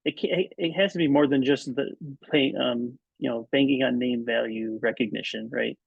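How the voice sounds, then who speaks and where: Male guest with a gravelly voice, talks in stops and restarts, heard on dull lo-fi audio. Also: medium pitch, fairly even intonation, no echo. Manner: halting, many ums and restarts. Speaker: podcast guest, writer and editor. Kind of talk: casual interview chat. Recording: dull, muffled, dry audio.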